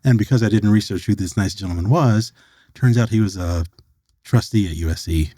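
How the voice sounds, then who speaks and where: A middle-aged American man with a lowish, mellow voice tells a long personal story as a podcast guest. He slips into the voices of the people he quotes. The recording is dry and close, with no room sound. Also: brisk, breathy edge, dry recording. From United States. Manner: animated storyteller who acts out quoted dialogue.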